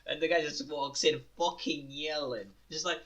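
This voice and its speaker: A man's voice: a little high, steady tone, moderate pace, fairly bright tone. A young man co-hosting a casual podcast, telling a story with lots of swearing and laughter. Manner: swearing, laughing storyteller who imitates voices. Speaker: podcast co-host. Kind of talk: casual chat.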